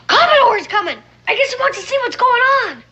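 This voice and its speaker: A woman's voice: extremely high pitch, sing-song, moderate pace, sharp tone, dull audio, full character voice. A performer playing an honest, eager young boy in a 1960s TV western drama. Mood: earnest. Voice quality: earnest and eager.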